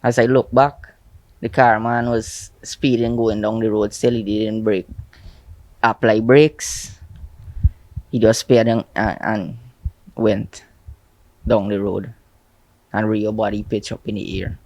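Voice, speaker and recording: A man with a Guyanese accent, an eyewitness telling a reporter how his friend was struck, shaken and halting. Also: fairly low pitch, flat delivery, a little mellow, dry recording. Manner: shaken, halting, repeating himself. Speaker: eyewitness interviewed. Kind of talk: news interview.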